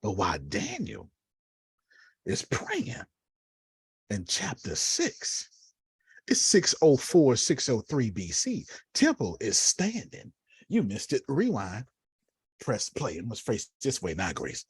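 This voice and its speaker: Lively husky man teaching Bible lesson. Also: mid-range voice, takes it slowly, long pauses, no room sound. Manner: lively, preachy, talks straight to listeners by name; uses Black church phrasing. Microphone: video call.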